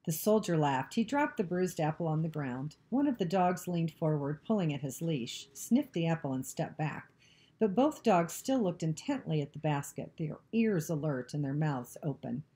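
Low-voiced woman reading a novel aloud. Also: big pitch swings, normal speed, dark tone. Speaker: narrator.

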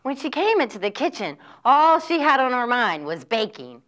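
A woman telling a folk tale to children, with expressive, sing-song, drawn-out phrasing. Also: a little high. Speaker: children's storyteller. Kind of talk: storytelling for children.

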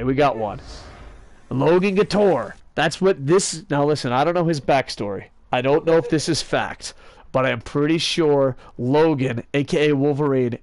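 Higher-voiced man ranting with sarcastic jokes. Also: dry recording. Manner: rambling, joking rants with sarcasm and cursing; excitable, talks to a friend off-mic. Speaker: gaming video host. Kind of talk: casual gaming commentary.

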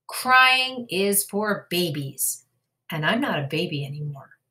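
A woman's voice: lowish voice, expressive, slow, pushed and bright, full character voice. A woman reading aloud and voicing a determined little boy rabbit who is almost five, speaking earnestly.

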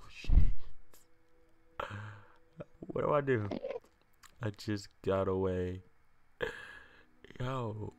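A young man doing a profane, excitable let's-play commentary, yelping and repeating himself when things go wrong. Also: low voice, slow, pauses often, noisy background. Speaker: gaming YouTuber. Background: background music.

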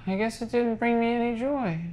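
An actor playing a clueless, self-absorbed young boyfriend in a comedy sketch, talking deadpan and self-pitying. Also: male voice, extremely high pitch, fairly quick. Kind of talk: scripted comedy sketch acting.

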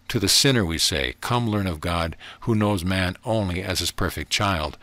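A man with a deep voice reading the lines of a calm, earnest young woman who explains her faith gently and steadily, recorded dry. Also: dry recording.

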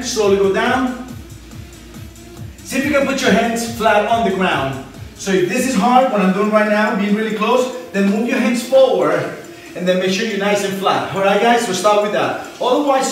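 A man leading a home workout as a fitness instructor, cheering people on and counting reps, out of breath. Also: high voice. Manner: energetic, encouraging, counts reps aloud. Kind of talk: live workout coaching. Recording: very echoey room, mic at a distance.

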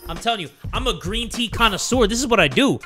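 Lively high-voiced gaming guy. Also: fast talker, music in the background. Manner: joking, animated, swears freely. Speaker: gaming YouTuber. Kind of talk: let's play commentary.

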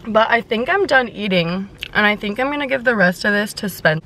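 A woman's voice: medium pitch, expressive, fairly quick, fairly bright tone, slight background noise. Chatty young woman eating on camera. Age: 20s. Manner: chatty, upbeat, eating while talking. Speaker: food vlogger. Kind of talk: casual mukbang vlog.

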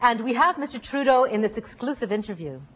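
A woman presenting a mock awards show in a comedy sketch, with brisk deadpan joke delivery. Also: a little high, muffled recording.

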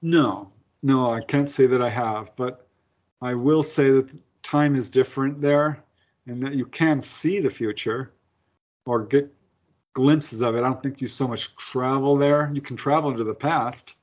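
Man telling animated out-of-body stories. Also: mid-range voice, unhurried, muffled recording. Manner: animated storyteller, laughs often, acts out his own lines. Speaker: guest, author and experiencer. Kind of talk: casual storytelling interview.

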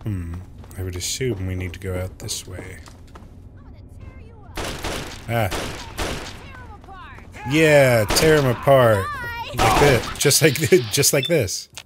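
Brief: male let's play host, slow and animated, swears and cracks jokes, game noise clearly heard. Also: lowish voice. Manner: joking, swearing, quick reactions to the game. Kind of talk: gameplay commentary.

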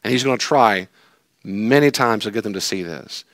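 Animated male pastor preaching, dry sound. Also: on the low side, moderate pace, no echo. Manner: animated, jokey storytelling with acted-out voices. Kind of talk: sermon.

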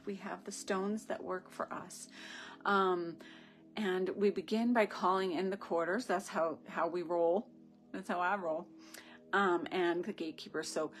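A woman leading a live-streamed ritual, talking to viewers through a phone camera. She is effusive and rambling, with gushing asides. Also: lowish voice. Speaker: spiritual ritual leader.

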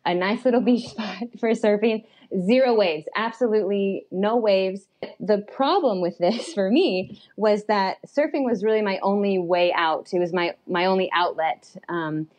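A young adult woman telling a personal story as a podcast guest, animated and chatty, with lots of fillers and little laughs. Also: on the low side. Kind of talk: storytelling in a casual chat.

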